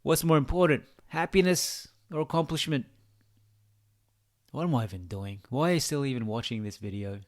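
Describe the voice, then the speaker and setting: A man's voice: mid-range voice, normal speed. A man with an Australian accent, a gaming video creator giving a rambling, mock-philosophical monologue that teases the viewer.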